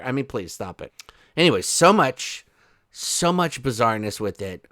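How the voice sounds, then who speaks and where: A man's voice: mid-range voice, a little fast, fairly bright tone, clean tone, no room sound, clean studio sound. A man hosting an online commentary video, talking in a casual, incredulous way and rambling with frequent restarts.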